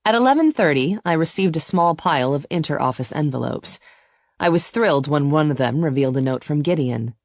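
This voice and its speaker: A woman narrating a first-person romance audiobook in a steady, intimate storytelling voice. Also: low voice, brisk, no echo, studio quality.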